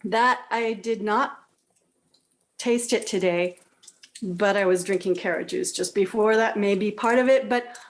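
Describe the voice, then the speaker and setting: A woman's voice: medium pitch, unhurried. A woman taking part in a workshop call, speaking hesitantly. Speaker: workshop participant. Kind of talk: casual chat.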